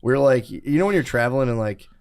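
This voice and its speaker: A man telling a rowdy story on a casual podcast, profane and animated. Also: medium pitch. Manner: fast, profane, animated storytelling with acted quotes. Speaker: podcast co-host.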